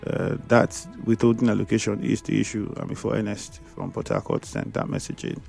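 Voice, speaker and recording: Nigerian radio host with a gravelly voice. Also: male voice, lowish voice, steady tone, darkish tone, faint music behind. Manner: brisk, reads out listener messages and takes calls. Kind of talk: radio call-in show. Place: radio studio.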